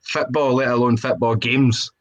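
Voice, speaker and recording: A man's voice: medium pitch, steady tone, moderate pace. A man, co-hosting a web show and teasing his friends in competitive banter. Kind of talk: casual banter.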